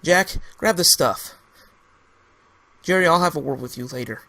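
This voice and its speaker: A man's voice: on the high side, moderate pace, creaky, sharp tone, pitched above the performer's own voice. A man voicing a stern, hostile rifleman who gives snarly, commanding orders. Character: stern gruff male rifleman leader, hostile.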